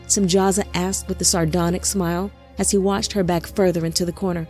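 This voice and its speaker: Low-voiced woman narrating slowly. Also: little pitch movement, a little mellow, faint music behind. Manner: slow, deliberate, measured reading. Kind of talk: scripted audiobook narration.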